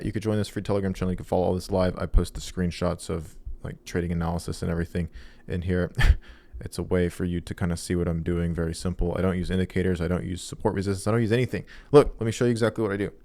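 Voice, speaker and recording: A man's voice: deep voice, a little mellow. An American man with a General American accent, talking casually and plainly as he walks viewers through his own trades on screen, self-deprecating and full of casual fillers. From United States. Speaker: trader and video host. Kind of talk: casual screen-share walkthrough.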